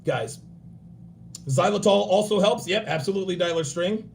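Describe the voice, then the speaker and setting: A man in his forties hosting a livestream, giving blunt, profane dating and grooming advice and acting out other people in quick bursts. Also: high-pitched, creaky, darkish tone, a little hiss or hum. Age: 40s. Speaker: livestream host.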